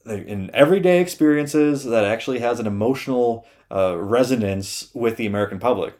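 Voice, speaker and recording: A man's voice: mid-range voice, a little fast, a little mellow, close to an everyday voice. A man putting on an impatient, pushy producer who scolds bluntly. It is close to the man's own everyday voice, just sharper in its complaint. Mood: scolding. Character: older male film producer, impatient and pushy.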